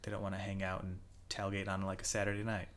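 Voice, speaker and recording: A man's voice: low voice, monotone, quick pace. A man co-hosting a podcast, chatting casually, laid-back and swearing freely. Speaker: podcast co-host. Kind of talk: casual chat.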